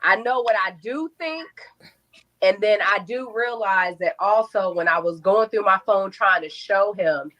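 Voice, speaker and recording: A young adult woman telling her own story in an interview, animated, acting out quotes and swearing freely. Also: medium pitch, unhurried, rough recording.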